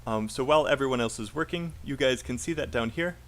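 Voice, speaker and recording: A man's voice: mid-range voice, fast. A man with a British accent teaching a live online IELTS class, patiently drilling sentences aloud and encouraging students.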